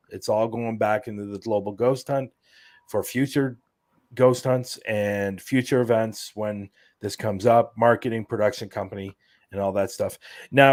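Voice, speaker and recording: A man's voice: lowish voice, darkish tone, dry recording, studio quality. A man explaining plans as a guest in a casual podcast interview, rambling with plenty of fillers. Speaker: guest, event organizer.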